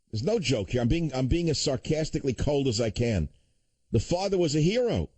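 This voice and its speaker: A man's voice: mid-range voice, darkish tone, no echo. An older man hosting a talk radio show, ranting with sarcastic indignation and then turning somber. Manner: indignant, sarcastic, swings between outrage and somber. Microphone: studio microphone.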